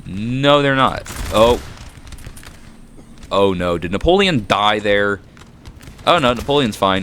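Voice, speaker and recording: A man giving casual, excitable commentary over a strategy game battle, reacting with frequent exclamations. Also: sits low, takes it slowly, long pauses. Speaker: gaming commentator. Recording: noisy with battle sounds behind. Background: gunfire and battle noise from the game.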